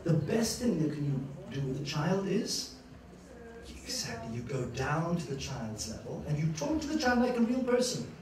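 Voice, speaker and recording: A man lecturing to a class with a high, swooping voice that leaps around as he acts out his stories. He is heard from across a very echoey university room with faint ambience behind. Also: moderate pace. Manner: animated storyteller, acts out scenes, laughs often. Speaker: lecturer giving a master class. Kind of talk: lively master-class lecture. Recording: echoey hall, distant mic.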